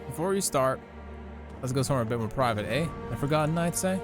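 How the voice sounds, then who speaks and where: A chatty male streamer reacting to a video game live, his pitch lively as he comments. Game music plays clearly behind him. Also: quick pace.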